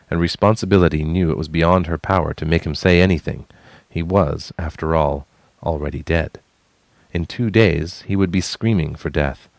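Deep-voiced male story narrator. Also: no room sound. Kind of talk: scripted fantasy story narration.

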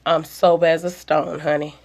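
A woman's voice: low-pitched, flat delivery, gravelly, a little mellow. A woman voicing a cocky, folksy man who drawls and teases in an audiobook story. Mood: easygoing. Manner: folksy, teasing, unhurried. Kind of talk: audiobook dialogue.

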